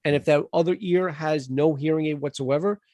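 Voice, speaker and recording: A man's voice: fairly high pitch, fairly even intonation, brisk, dark tone, dry recording. A man on a podcast, earnestly explaining and arguing his view. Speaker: podcast co-host. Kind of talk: casual chat.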